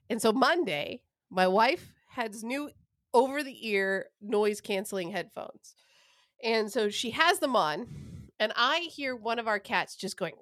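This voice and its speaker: Woman, young adult, casual storyteller, profane, rambling, higher voice, dry sound. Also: dry recording. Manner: rambling, profane, animated anecdote-telling.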